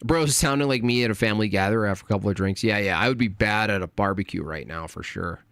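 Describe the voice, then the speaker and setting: A man hosting a late-night livestream, ranting and rambling with heavy swearing and often trailing off into low mutters. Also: quick pace, gravelly, a bit bright, clear, resonant tone, no room sound. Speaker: livestream host.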